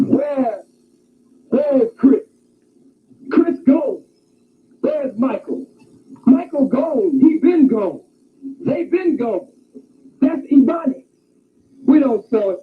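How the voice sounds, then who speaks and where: A man giving an impassioned lecture, telling an animated story and shouting at times, on a tinny old recording. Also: very high-pitched. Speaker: speaker. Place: campus hall. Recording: tinny phone-like archive recording.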